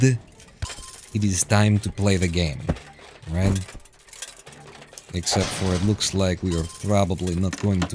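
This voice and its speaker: A man streaming a game who wanders into long, digressive stories, casually swearing and restarting his sentences. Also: low-pitched. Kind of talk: rambling commentary while playing. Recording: steady clicking noise underneath.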